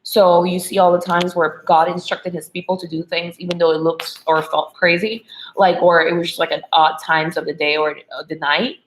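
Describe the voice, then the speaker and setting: A woman's voice: on the low side, little pitch movement, moderate pace, slight background noise, low-quality recording. A woman love coach giving a motivational spiritual talk to women, checking in with "okay?" and "right?" as she goes.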